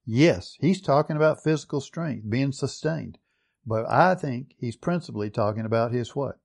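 A man preaching a sermon, reading scripture aloud and putting questions to his listeners, slowing down low for emphasis and then picking up speed. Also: expressive, vocal fry. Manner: asks the congregation questions and reads scripture aloud.

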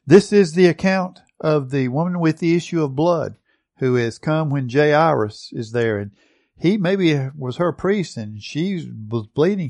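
A man's voice: on the high side, a little mellow, dry recording. A man preaching a sermon, reading scripture verses aloud and then explaining them with emphasis. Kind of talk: sermon teaching.

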